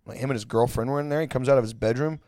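A man's voice: medium pitch, very fast, darkish tone, no room sound, studio quality. A man from Houston, Texas telling a crude story in a casual, rambling way, full of filler words.

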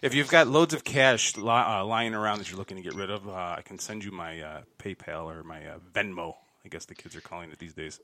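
A man's voice: deep voice, brisk, few pauses, bright, forceful tone, dry recording. A man hosting a casual pop culture podcast with a jokey, loose way of talking. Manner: jokey, loose, plays sound effects. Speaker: podcast host. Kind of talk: casual chat.

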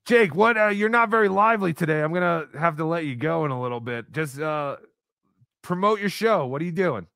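A man's voice: on the high side, animated, a little fast, vocal fry, pushed and bright, no room sound, clean studio sound. A man hosting a casual live-stream podcast, rambling with lots of fillers. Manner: rambling, hesitant, with many fillers. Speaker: podcast host.

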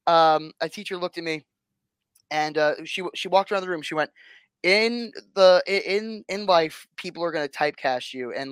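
A man chatting casually as a guest, telling lively stories and acting out what people said. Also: a little high, clean tone, dry recording. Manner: animated storyteller, acts out quotes with big swings. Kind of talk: casual chat.

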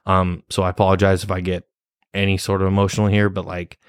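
A man's voice: deep voice, completely flat delivery, fast, smooth, dry recording, clean studio sound. A young man telling a personal story in a rambling, casual way, cursing often and laughing nervously. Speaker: vlogger.

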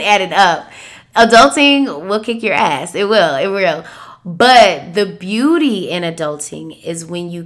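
A woman in her thirties hosting a podcast, talking candidly about feelings, sometimes soft and sometimes animated. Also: fairly low pitch. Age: 30s. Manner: candid, expressive, shifts between soft and animated. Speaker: podcast host. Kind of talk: reflective solo podcast talk.

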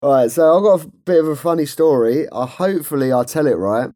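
A lively man chats on a podcast, his voice swinging widely up and down as he tells a story. He gets loud and excitable and laughs often. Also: fairly high pitch, fairly quick. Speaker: podcast co-host. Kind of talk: casual podcast chat.

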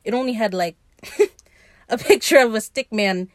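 A young woman hosting a podcast, recapping a TV episode in an animated, profane, teasing way. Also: a little high, measured pace, no room sound, clean studio sound. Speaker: podcast host.

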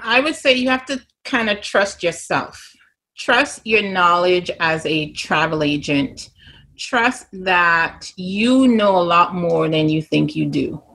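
A woman's voice: mid-range voice, bright, forceful tone. A woman with a Grenadian accent, a travel agent speaking candidly as a guest in a casual interview.

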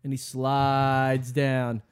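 A man co-hosting a casual podcast, joking and arguing his point with halting starts. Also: medium pitch, monotone, clean tone. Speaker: podcast co-host. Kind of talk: casual chat.

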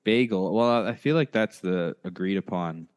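Low-voiced man hosting a podcast. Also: expressive, moderate pace, smooth. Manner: playful, bantering. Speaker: podcast host. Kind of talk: casual podcast chat.

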